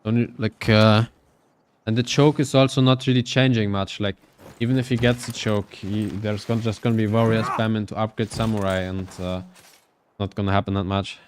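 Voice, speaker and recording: A man's voice: lowish voice, fairly even intonation, normal speed, a little hiss or hum. A man casting a live strategy game match, giving loose, thinking-aloud play-by-play. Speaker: esports caster.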